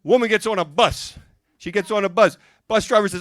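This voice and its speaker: A man doing stand-up comedy, rattling off one joke after another and dipping into quick character voices. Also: high voice, no room sound. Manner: rapid-fire joke delivery with character voices. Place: music and arts center stage.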